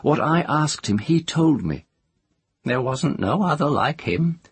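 A man voicing an old, earthy village witch woman who talks in a rustic country dialect with a drawn-out, sing-song lilt. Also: a little high, lively intonation, husky, no echo, pitched above the performer's own voice, exaggerated voice. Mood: folksy, musing. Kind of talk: audiobook character voice.

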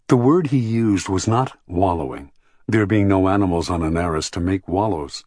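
A man narrating a novel in a measured, expressive way. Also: deep voice, dry recording, clean studio sound. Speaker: audiobook narrator. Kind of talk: scripted narration.

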